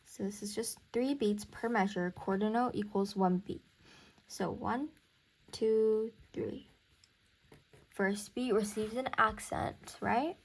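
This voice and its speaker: A woman's voice: mid-range voice, steady tone, takes it slowly, slightly rough. A young woman teaching music theory in a casual recorded lesson, thinking aloud and counting beats.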